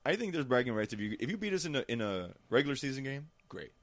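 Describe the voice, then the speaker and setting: A man in casual chat, telling animated stories with frequent restarts. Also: mid-range voice, quick pace, no room sound. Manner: animated storyteller with many restarts.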